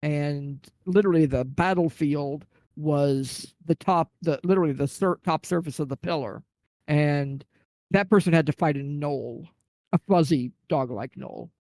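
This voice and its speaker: Casting: man, rambling and animated, relaxed podcast storyteller, slightly high voice, dry close sound. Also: a little slow, no echo. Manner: rambling, animated anecdote with acted-out quotes. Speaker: podcast guest telling a gaming story. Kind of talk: casual storytelling chat.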